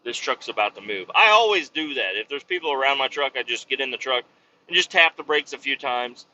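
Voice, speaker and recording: A man's voice: mid-range voice, lively intonation, brisk, sharp tone. A man hosting a podcast, casually telling a rambling, profane story about his work as a truck driver. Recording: dull lo-fi with faint noise.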